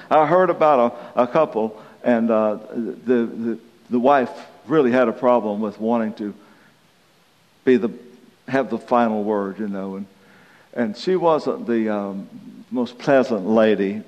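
A pastor in his sixties delivers a sermon full of folksy stories, acting out the quotes as he goes. His mid-range voice is a little mellow. The lo-fi recording carries a long hall reverb.

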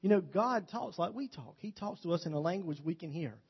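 A man's voice: high-pitched, expressive, a little fast, slightly rough. Folksy man preaching a sermon. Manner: folksy, joking storyteller. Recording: dull lo-fi recording.

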